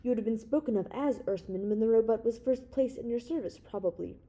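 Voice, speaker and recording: A woman reading the part of a young male space hero who lays out his case in a calm, authoritative, reasoning way. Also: on the high side, quick pace, close to an everyday voice. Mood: confident, reasoning.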